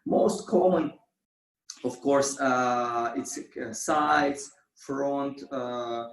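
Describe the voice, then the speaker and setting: Slow-talking dance teacher in an echoey studio. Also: male voice, mid-range voice. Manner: counts beats with vocal sounds. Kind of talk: dance class instruction. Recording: roomy, from far off.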